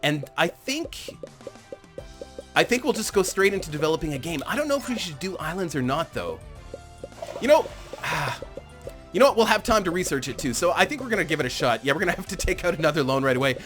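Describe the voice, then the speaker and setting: A man's voice: on the high side, very animated, quick pace, fairly bright tone, faint music behind. A man casually commentating on a management game he is playing, rambling and amused at himself, laughing often. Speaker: gaming channel host.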